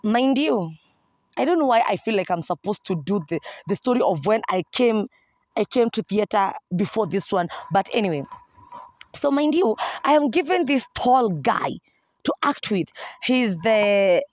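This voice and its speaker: A young woman with a Kenyan accent telling a humorous personal story to her viewers in an animated way. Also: mid-range voice, moderate pace, no echo, muffled recording. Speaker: vlogger. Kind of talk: storytime vlog.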